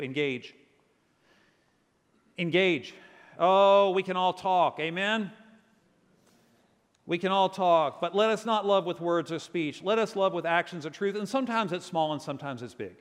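A man from Virginia, a pastor preaching a sermon and telling stories with lively quoted voices. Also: high-pitched, normal speed, in a large hall.

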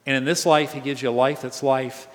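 A male pastor preaching a conversational sermon, animated, swinging between loud emphatic lines and soft asides. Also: mid-range voice, a little fast. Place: church sanctuary. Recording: reverberant church hall.

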